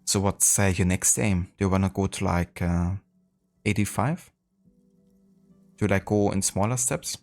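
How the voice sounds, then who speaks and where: Low-voiced streamer, rambling. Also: male voice, normal speed, long pauses, a little mellow, faint music behind. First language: German. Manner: rambling, full of fillers. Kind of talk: casual live-stream chat.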